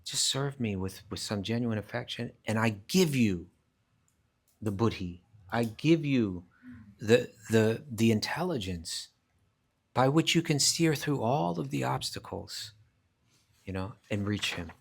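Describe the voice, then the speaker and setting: At a rural retreat centre, a man teaches a live scripture class, explaining emphatically, often restarting phrases, and reciting verses in Sanskrit. His mid-range voice is animated and gravelly, and he speaks at a measured pace.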